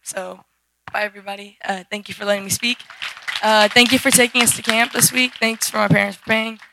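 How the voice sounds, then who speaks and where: Hoarse teenage girl rambling through testimony. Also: mid-range voice, fairly even intonation, brisk, noisy background. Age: teens. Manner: rambling, filler-heavy, many restarts. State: hoarse, voice worn out. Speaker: youth group member giving testimony. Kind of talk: personal church testimony. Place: church service. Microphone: handheld microphone.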